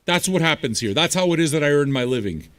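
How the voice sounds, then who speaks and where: A man hosting a live music stream, chatting straight at his viewers. His voice sits a bit high and swings widely in pitch. He talks bluntly, with plenty of swearing and combative teasing. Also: animated, fast talker, fairly bright tone. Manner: blunt, profane, combative banter. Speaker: streaming radio DJ host. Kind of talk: casual livestream chat answering viewers.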